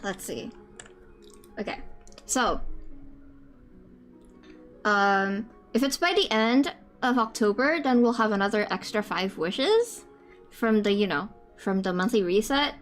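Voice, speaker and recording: A woman live-streaming a game, chatting casually, with loud swearing outbursts and quiet muttered sums. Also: mid-range voice, slow, pauses often, faint music behind. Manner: excitable, loud outbursts and swearing, then muttering math to herself.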